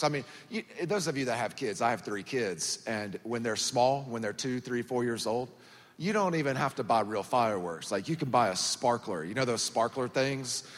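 A man in his thirties from Georgia with a Southern US accent, preaching as a guest pastor in a folksy, joking, conversational way. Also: mid-range voice. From Georgia, USA. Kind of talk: sermon. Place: large church auditorium. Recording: church hall reverb.

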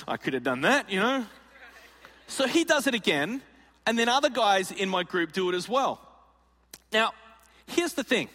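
A man preaches in a sermon, spinning a comic story and playfully acting out its people. His voice sits high and bright. It rings with the long reverb of a large hall. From Australia. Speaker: pastor. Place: large auditorium.

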